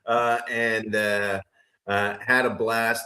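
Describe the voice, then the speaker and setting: A man's voice: on the low side, fairly even intonation, takes it slowly, sharp tone. A man co-hosting a casual podcast chat, rambling with many fillers and restarts. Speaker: podcast co-host.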